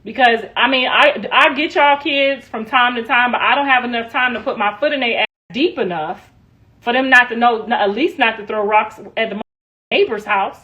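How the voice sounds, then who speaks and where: A woman's voice: fairly high pitch, normal speed, bright, forceful tone, muffled recording. A middle-aged woman chatting casually on a livestream, laughing often, her voice worn out.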